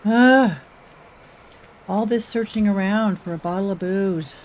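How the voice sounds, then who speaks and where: A woman's voice: mid-range voice, measured pace, a little mellow. A woman live-streaming a game, chatting casually and rambling between game actions while she greets her chat.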